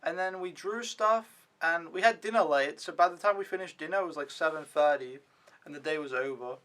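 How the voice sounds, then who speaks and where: This young man talks slightly fast, his voice a little high and a bit bright. In a laid-back vlog about his week as an au pair, he rambles, leans heavily on "like" and swears a lot.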